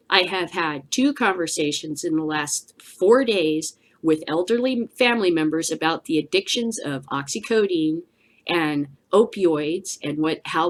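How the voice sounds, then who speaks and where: A woman's voice: on the low side, fairly bright tone. A woman hosting a cannabis news show, giving blunt, emphatic solo commentary with a preachy edge.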